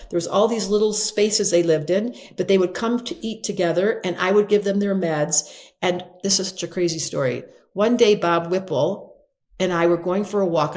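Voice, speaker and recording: Older lady astrologer chatting in an interview, lively, jumps into voices for quotes. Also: medium pitch. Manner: expressive, acts out quotes in bright voices. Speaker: astrologer guest. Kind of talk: animated interview storytelling.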